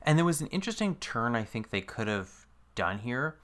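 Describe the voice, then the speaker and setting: Jokey podcast co-host with bright voice. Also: very animated, fairly quick. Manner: jokey, laughs often, big pitch jumps. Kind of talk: casual chat.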